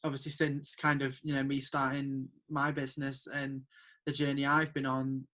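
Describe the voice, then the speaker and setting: Young man host, flat, steady voice. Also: mid-range voice, normal speed. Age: young adult. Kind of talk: casual interview chat.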